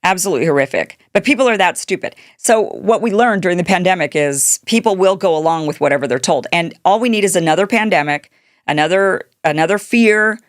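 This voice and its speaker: Sarcastic woman host, low dry voice. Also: a little fast, dry recording. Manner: sarcastic, mocking quoted voices. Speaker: show host. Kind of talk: political commentary monologue.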